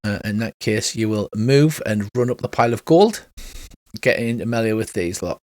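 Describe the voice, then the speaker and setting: A man's voice: lowish voice, lively intonation, normal speed, darkish tone, no echo, studio quality. Man running a tabletop game. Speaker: game master. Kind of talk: narrating a tabletop game online.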